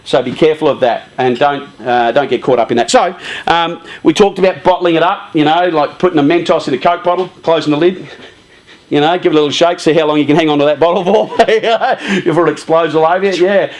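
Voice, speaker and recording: Man, youth leader, casual live-streamed talk, lively, lots of fillers, fairly high pitch. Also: a little fast. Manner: lively and chatty, often saying "you know" and "um".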